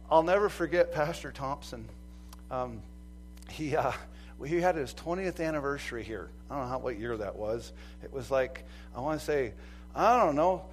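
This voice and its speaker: A man preaching a sermon as pastor, animated, acting out quoted voices and swinging from loud to soft. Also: medium pitch, rough recording. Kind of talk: lively sermon.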